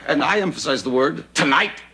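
An actor playing a patient, mild-mannered sitcom husband who gives dry, deadpan replies. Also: male voice, medium pitch, moderate pace, husky, exaggerated voice, rough recording. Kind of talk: 1980s sitcom acting. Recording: studio audience laughter.

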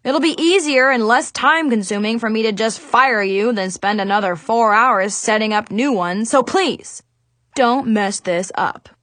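A woman voicing a high-strung, moody male teacher who yells and grumbles in a fussy way. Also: unhurried, dry recording. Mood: fussy stern.

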